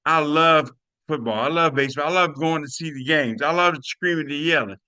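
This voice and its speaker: Older man, animated testimonial, bright tone, dry close sound. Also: fairly high pitch, brisk, clean tone, dry recording. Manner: animated, preachy, addresses listeners as y'all. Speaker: testimonial speaker. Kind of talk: excited personal testimony on a video call.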